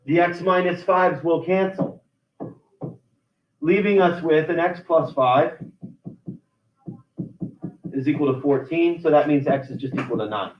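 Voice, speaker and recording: A man with a fairly high voice lectures his algebra class step by step. He often restarts his sentences. The sound is roomy and distant, as if he is recorded from across a classroom on a muffled, lo-fi mic. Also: measured pace, pauses often. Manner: explains step by step, with many restarts. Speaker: math teacher.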